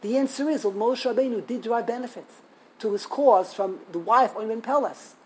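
A woman giving a storytelling Torah lesson, animated, acting out quotes and laughing as she tells it. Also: a little high, brisk, a little hiss or hum, rough recording. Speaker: Torah teacher.

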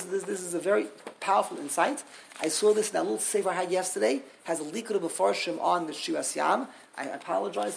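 A man teaching a Torah class in an emphatic way, repeating key words and building to loud peaks. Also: sits high, vocal fry, a little hiss or hum, poor audio.

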